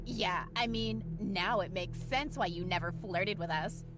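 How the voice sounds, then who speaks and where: A woman voicing a snobby, mean rich teenage girl in an animated story, with a sneering, mocking manner. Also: very high-pitched, measured pace, over music, heavily acted.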